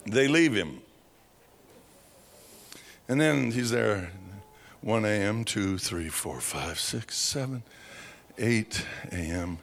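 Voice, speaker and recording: A man preaching by telling a dramatic story, slow and vivid, acting out sounds and voices. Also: fairly low pitch, animated, creaky, slight background noise. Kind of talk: storytelling sermon.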